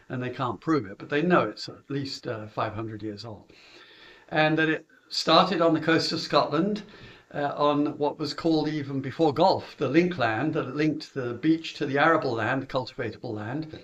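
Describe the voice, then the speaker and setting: Higher-voiced British man, dull lo-fi sound. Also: a bit bright. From Britain. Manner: chatty, anecdotal, with chuckles and filler words. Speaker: golf coach. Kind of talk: recounting how he runs junior lessons.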